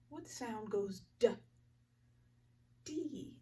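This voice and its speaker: A woman teaching a phonics lesson to young children, slowly sounding out each word with clear articulation. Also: a little high, expressive, mellow, recorded from a distance.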